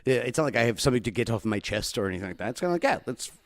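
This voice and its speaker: A man co-hosting a podcast in casual chat, talking in halting bursts with many restarts and frequent laughter, on a handheld microphone. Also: mid-range voice, big pitch swings, no echo, studio quality. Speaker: podcast co-host. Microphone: handheld microphone, not on a stand.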